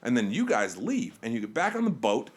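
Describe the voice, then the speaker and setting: A man from Nantucket, a comedian guest telling joking deadpan stories in a casual podcast chat. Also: medium pitch, a little fast, husky. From Nantucket, United States. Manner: joking, deadpan storytelling with laughs.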